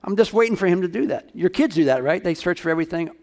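A man's voice: high-pitched, expressive, quick pace, creaky, darkish tone. A male pastor preaching a sermon, talking casually and asking his congregation questions.

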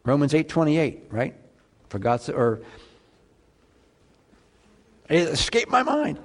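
Male pastor, fairly high voice, sermon, chatty, questions to the congregation, loud then hushed. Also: sing-song, unhurried, pauses often. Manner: conversational preaching with rhetorical questions to the congregation; swings between loud emphatic lines and quiet low asides.

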